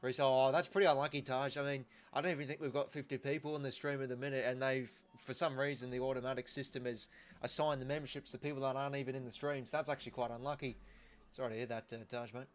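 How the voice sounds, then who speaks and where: A man's voice: medium pitch, little pitch movement, quick pace. A young Australian man hosting a live football watch-along, chatting casually with viewers and thanking them as he goes. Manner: chatty and easygoing, thanking viewers, many restarts. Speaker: livestream host.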